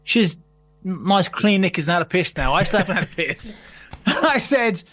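A man's voice: high-pitched, animated, normal speed, fairly bright tone. A man telling a long sweary anecdote in casual conversation, laughing often. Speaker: podcast guest. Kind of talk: casual storytelling chat.

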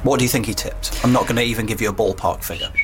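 A man's voice: lowish voice, rapid-fire, slight background noise. A man co-hosting a podcast, chatting casually with jokey comic asides. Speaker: podcast co-host. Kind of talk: casual chat.

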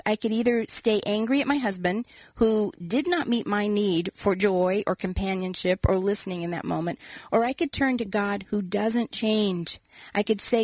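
A woman author, a guest in an interview, telling a personal story in an earnest, animated way. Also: medium pitch, no room sound.

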